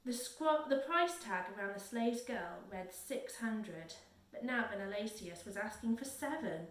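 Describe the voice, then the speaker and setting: A woman reading a children's novel aloud in a steady, careful way, correcting small slips as she goes. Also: mid-range voice, measured pace. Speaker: reader. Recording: roomy, a little distant from the mic.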